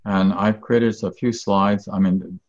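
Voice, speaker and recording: A man hosting a casual interview chat, relaxed, with fillers and light laughs. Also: on the low side, slow pace. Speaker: host. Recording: dull lo-fi audio.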